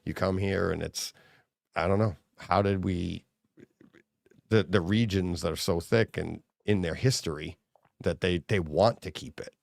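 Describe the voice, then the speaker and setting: Deep gravelly man in casual chat. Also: a little slow, no echo, studio quality. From New England. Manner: rambling, thinks out loud with many restarts. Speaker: co-host. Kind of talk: casual chat on a live stream.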